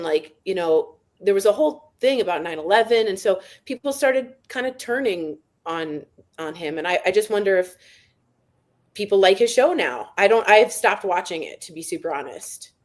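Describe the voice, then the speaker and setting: A woman's voice: mid-range voice, animated, a little mellow. A woman co-hosting a comedic news podcast, candid and sarcastic in casual chat. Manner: candid, sarcastic, quick to laugh. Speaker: podcast co-host.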